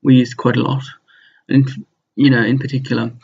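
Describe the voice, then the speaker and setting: A man teaching a recorded online language lesson over slides, relaxed and slow, with many pauses and fillers in a low, husky voice. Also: lo-fi sound.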